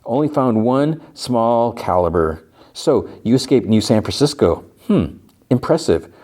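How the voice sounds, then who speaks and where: A man's voice: mid-range voice, sing-song, dark tone, voice pushed up. A man voicing a taunting masked woman. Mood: teasing. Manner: slow, teasing, drawn out.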